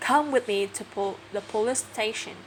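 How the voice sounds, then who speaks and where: A woman's voice: a little high, brisk, noisy background, lightly acted. A woman voicing a stern male policeman giving orders.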